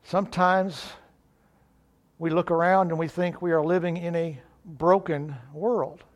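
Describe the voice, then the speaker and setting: Male preacher, sermon delivery, earnest, slows for emphasis, fairly high voice. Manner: earnest, rising in emphasis, slows on key phrases.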